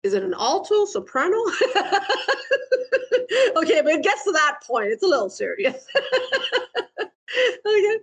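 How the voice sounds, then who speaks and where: A woman's voice: high voice, very animated, measured pace, pauses often, dull audio. A woman giving a dharma talk, playful, laughing often and asking questions of her listeners. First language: Vietnamese. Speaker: meditation teacher and therapist.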